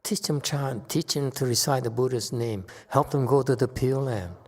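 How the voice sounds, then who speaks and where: A man giving a Buddhist lecture, pressing his listeners with pointed rhetorical questions and jumping up in pitch to stress a point. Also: normal speed, a little mellow, long reverb tail. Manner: sudden rises in pitch and force when stressing a point. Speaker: Buddhist teacher. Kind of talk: Dharma lecture.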